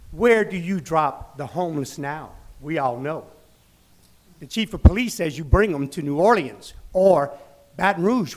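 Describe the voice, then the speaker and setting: A high-pitched man addresses a city council. He is angry and indignant, his voice shaking as he rises into loud outbursts. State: shaking with anger. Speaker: business owner speaking at public comment. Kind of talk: public comment at a city council meeting. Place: council chamber.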